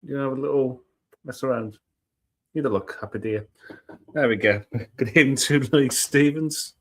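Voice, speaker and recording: A man's voice: medium pitch, normal speed, a bit bright. A man hosting a casual weather live stream from home, chatty and self-mocking, greeting viewers one by one. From United Kingdom. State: just over a cold. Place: home room with cats and laptop. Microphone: laptop live stream.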